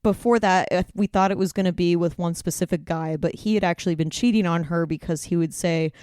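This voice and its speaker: A woman's voice: fairly low pitch, fairly even intonation, a little fast, darkish tone, clear, resonant tone, no room sound, clean studio sound. A woman in her twenties, a friend and guest, telling a rambling gossipy story over dinner. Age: 20s. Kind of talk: casual chat among friends.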